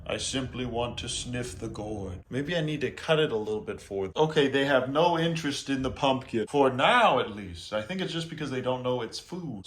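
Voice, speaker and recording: A man hosting an animal rescue vlog, narrating casually with playful meme slang and doting talk to his animals. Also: mid-range voice. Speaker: animal rescue ranch host.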